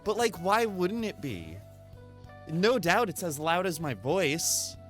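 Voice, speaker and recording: A male streamer's casual chat, recorded on a desk mic at home. His voice is bright and his pitch swings widely as he rambles, curses lightly and makes fun of himself. Faint music sits underneath. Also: slow. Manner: animated, rambling, swears, self-deprecating. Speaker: live streamer. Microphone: desk microphone through a mixer.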